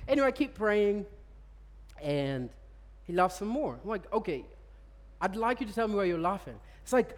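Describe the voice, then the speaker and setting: A man's voice: sits high, very animated, moderate pace, pauses often, fairly bright tone. A man preaching a sermon and telling personal stories. He chuckles often and repeats words as he tells them. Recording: long reverb of a large hall.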